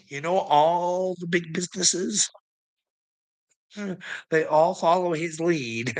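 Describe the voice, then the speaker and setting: A man's voice: on the high side, sharp tone, rough recording. Swearing, laughing man ranting. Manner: swears constantly, laughs between phrases. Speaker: online commentator. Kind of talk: profane rambling rant.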